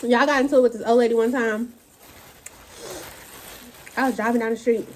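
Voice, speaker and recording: Animated young woman ranting, slightly high. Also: fairly quick, slight background noise. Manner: animated, profane, dramatic retellings. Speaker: vlogger. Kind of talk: casual storytime rant.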